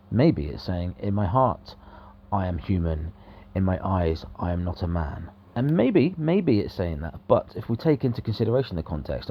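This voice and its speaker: A man giving a measured, explanatory video lesson on grammar. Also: low voice, breathy edge, muffled recording. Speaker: language teacher.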